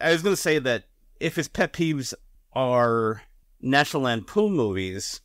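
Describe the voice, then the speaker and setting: A man's voice: medium pitch, dry recording. A man co-hosting a podcast in casual chat, hesitant with restarts and a dry, joking tone. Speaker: podcast co-host.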